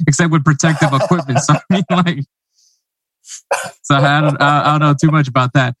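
A man's voice: a little high, steady tone, a little fast, fairly bright tone, no echo. American male host, chatty, laughs often, dry close sound. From United States. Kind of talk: casual interview chat.

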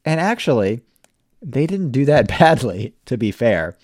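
A man's voice: medium pitch, very animated, measured pace, a little mellow, no room sound, studio quality. A man hosting a casual podcast, laid-back and wry, laughing often and swearing casually. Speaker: podcast host.

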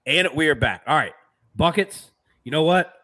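A man's voice: on the high side, animated, normal speed, bright, forceful tone. A man hosting a sports betting podcast, talking loosely with lots of fillers and reading viewer comments aloud. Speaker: podcast host. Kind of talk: casual sports betting chat.

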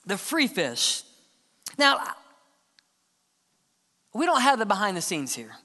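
Bright-voiced preacher in a reverberant church. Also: male voice, sits high, wildly swooping pitch, takes it slowly. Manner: earnest preaching, drops to hushed tones for emphasis. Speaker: pastor. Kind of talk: sermon. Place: church sanctuary. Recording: long church hall reverb.

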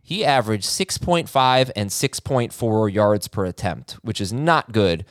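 A man hosting a fantasy football chat, reading quick injury updates and stats with a dry sarcastic streak. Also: lowish voice, animated, no echo. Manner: quick stat-heavy delivery, dry sarcasm. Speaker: podcast host.

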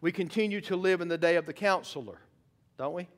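A man's voice: high voice, a little fast. A man preaching a sermon in church, emphatic, asking the congregation rhetorical questions. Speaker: pastor. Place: church sanctuary.

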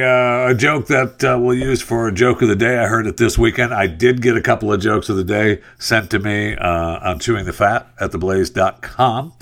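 A man's voice: lowish voice, creaky. A man hosting a radio talk show, chatting casually and telling a joke with lots of fillers. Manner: relaxed, rambling, frequent fillers.

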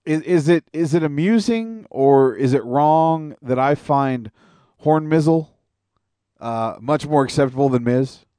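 A man's voice: fairly high pitch, unhurried, mellow, smooth, no echo. Blunt joking man on a dry mic. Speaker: podcast co-host. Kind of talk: casual wrestling talk.

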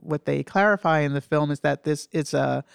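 A woman's voice: low-pitched, vocal fry, clear, resonant tone, dry recording, clean studio sound. Nasal-sounding woman discussing film. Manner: thoughtful, halting, many fillers. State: nasal from allergies. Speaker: film critic and essay author, guest.

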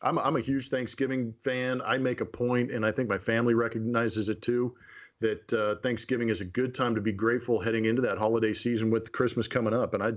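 A man's voice: medium pitch, fairly even intonation, fairly quick, highs cut off. A man in his forties co-hosting a podcast, talking in an earnest, chatty, plain-spoken way. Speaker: podcast co-host. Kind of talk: casual podcast chat.

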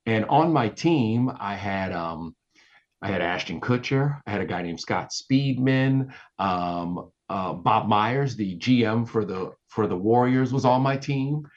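Animated husky man telling a story. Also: measured pace, dull audio. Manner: animated, acts out quotes with big pitch jumps. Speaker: guest, entertainment reporter. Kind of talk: casual storytelling on a podcast.

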